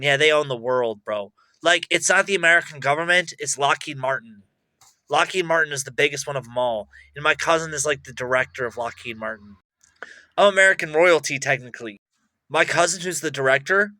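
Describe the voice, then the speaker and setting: A young man rambling boastfully to camera, excitable, swinging between loud bursts and mutters. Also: on the high side, brisk. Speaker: vlogger.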